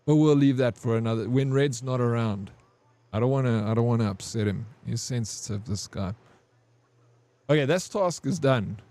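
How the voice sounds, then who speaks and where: A man's voice: medium pitch, moderate pace, dark tone. Rambling, profane male game streamer. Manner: rambling, profane, says "bro" a lot. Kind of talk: casual storytelling over gameplay.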